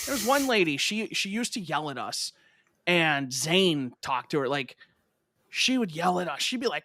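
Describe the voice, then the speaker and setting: A young man hosting a podcast, chatting casually and telling stories with animated voices. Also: high-pitched, fairly quick, dry recording, studio quality. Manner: animated storyteller, acts out voices when retelling. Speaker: podcast host. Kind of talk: casual chat.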